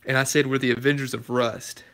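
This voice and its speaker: A young man from Alabama runs his own YouTube car channel, casually chatting with viewers and answering live comments. He's easygoing and laughs often, speaking briskly at a medium pitch with a flat delivery and fairly bright tone.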